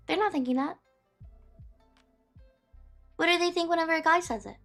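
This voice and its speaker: A woman's voice: very high-pitched, moderate pace, pauses often, fairly bright tone, soft background music. A young woman streamer rambling casually to her chat, saying "beep" aloud in place of words she bleeps out. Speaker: streamer chatting with viewers.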